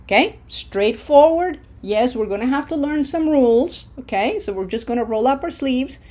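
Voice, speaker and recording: A woman's voice: high-pitched, animated, moderate pace, darkish tone. A woman teaching a Spanish pronunciation lesson, patient and encouraging, often checking in with "okay?" and modeling syllables aloud. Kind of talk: online language lesson.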